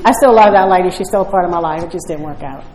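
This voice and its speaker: A woman's voice: fairly low pitch, racing, a little mellow. A woman telling her personal story at a recovery meeting, blunt and conversational, often asking "right?". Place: meeting room. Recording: echoey room.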